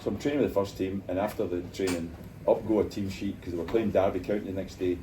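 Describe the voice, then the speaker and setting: An older Scottish man, a former footballer, telling animated stories in an interview and acting out the voices of people he quotes. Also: sits low, fast. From Scotland. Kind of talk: storytelling interview in a bar. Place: bar. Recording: distant mic, noisy bar.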